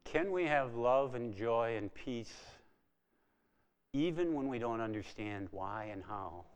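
A man's voice: mid-range voice, expressive, slow pace, smooth. Preaching man in a reverberant hall. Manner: swings between hushed quoting and rising emphatic preaching. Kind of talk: sermon.

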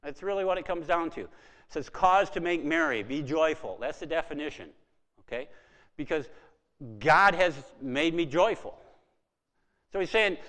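Animated high-voiced preacher in a reverberant hall. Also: male voice, moderate pace, pauses often. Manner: animated, swings from soft asides to loud exclamations. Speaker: pastor. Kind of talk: sermon.

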